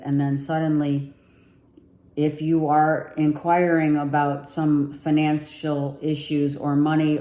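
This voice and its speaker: Woman tarot reader, low and mellow, strained voice, echoey room, unhurried chatty delivery. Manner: chatty, repeats herself, thinks aloud while pulling cards. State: losing her voice. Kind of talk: casual tarot reading to viewers.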